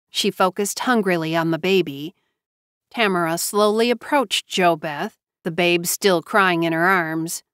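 A woman narrating a novel as an audiobook in a measured storytelling manner. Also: on the low side, a bit bright, no echo, studio quality.

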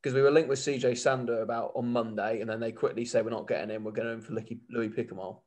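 A man co-hosting a rugby podcast, talking in an excitable, rambling way with many restarts. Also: mid-range voice, quick pace. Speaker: podcast co-host. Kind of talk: casual rugby chat.

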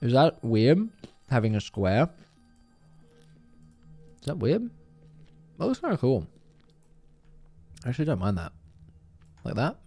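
Man, streamer, casual profane banter, middle pitch, bouncy up-and-down delivery. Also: unhurried, pauses often, soft background music. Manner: animated and profane, chatting to viewers. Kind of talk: live gameplay stream chat.

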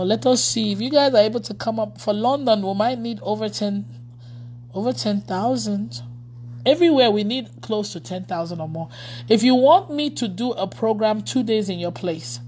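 Woman pastor, chatty and informal, mid-pitched, laughs often, answers viewer comments. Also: a little mellow, slight background noise. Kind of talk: casual livestream chat with followers.

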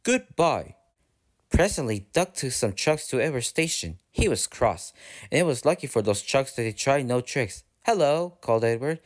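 A man narrating a storybook aloud in a steady, even read-aloud manner. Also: medium pitch, moderate pace. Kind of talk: storybook reading.

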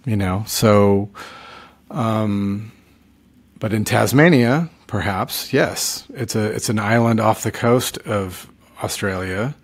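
A middle-aged man with a lowish voice talks slowly, sleepy and fading late at night. He's a touring musician co-hosting a podcast, rambling and trailing off in casual chat.

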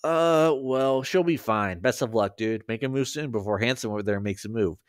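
A man's voice: medium pitch, normal speed, clean tone, no echo, studio quality, close to an everyday voice. A man reading aloud, voicing a careless, blunt teenage girl who teases and jokes. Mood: teasing. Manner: blunt, teasing, laid-back.

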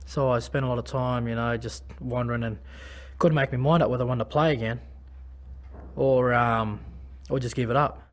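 An Australian man talking about his own life in a personal testimony. He speaks in a halting way, with many restarts and fillers. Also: medium pitch. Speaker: former rugby league player.

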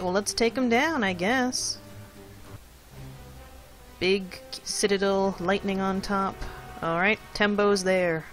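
A casual gameplay commentator with a bright, crisp tone talks to themselves while playing, chatty and thinking aloud. They keep repeating short words in rhythm as they time each move. Faint game music plays underneath. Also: medium pitch. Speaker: let's play commentator.

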